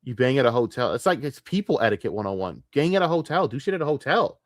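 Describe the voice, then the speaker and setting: A man's voice: medium pitch, big pitch swings, quick pace, hardly any pauses, dry recording, studio quality. A man streaming late at night, ranting with a lot of profanity and getting easily distracted.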